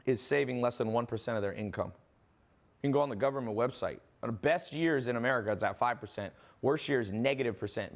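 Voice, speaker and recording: A man's voice: medium pitch, gravelly. A man giving a casual, rambling sales presentation straight to the viewer, often breaking off and asking "okay?". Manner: rambling, restarts, addresses viewer directly with "okay?". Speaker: online business presenter.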